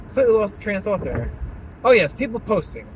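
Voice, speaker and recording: Animated young man ranting in his car. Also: sits high, fast, low-quality recording. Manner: animated, laughing often, puts on silly voices. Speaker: vlogger. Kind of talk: casual rant while driving. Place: in a car at a stoplight. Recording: car and traffic noise behind.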